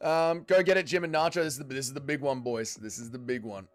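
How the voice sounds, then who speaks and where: A man's voice: medium pitch, quick pace, faint music behind. A young man hosting a casual livestream watch-along, reading viewer chat aloud, bantering and swearing freely. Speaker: livestream host.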